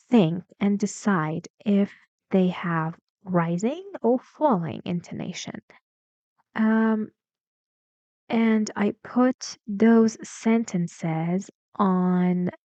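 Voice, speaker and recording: A woman teaching English pronunciation, speaking slowly and deliberately and acting out sample sentences with exaggerated rising and falling pitch. Her first language is Persian. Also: mellow, no echo, highs cut off. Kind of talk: slow, deliberate English lesson.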